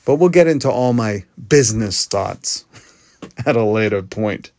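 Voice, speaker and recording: A man's voice: on the low side, lively intonation, a little slow, darkish tone, dry recording. A man hosting a podcast, talking in an earnest, conversational monologue that often restarts its sentences. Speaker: podcast host. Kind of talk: casual monologue.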